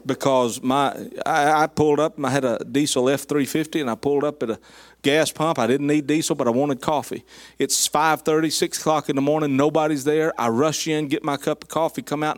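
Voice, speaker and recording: A man preaching, a folksy, animated storyteller who speaks to his congregation in southern address. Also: on the high side, brisk, dry recording. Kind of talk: storytelling sermon.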